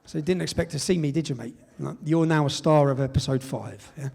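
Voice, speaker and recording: Male public speaker, slightly high pitch, emphatic stage storyteller who acts out dialogue. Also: brisk, gravelly, a little mellow, husky. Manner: emphatic storytelling with tag questions and reported dialogue. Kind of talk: speech at a live event.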